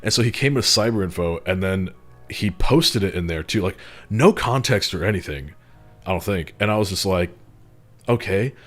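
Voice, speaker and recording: A deep-voiced man streams from a home setup with a desk mic and chats casually with his audience. He rambles through stories full of swearing and mockery, laughing at his own jokes. Soft music plays faintly behind him. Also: expressive, moderate pace. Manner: rambling, profane storytelling, mocking and laughing. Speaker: streamer moderating a Discord community. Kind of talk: casual livestream chat.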